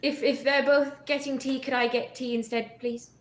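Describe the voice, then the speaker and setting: A woman's voice: high-pitched, level tone, moderate pace, reverberant. A woman playing in a tabletop game, hesitant and casual. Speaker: player.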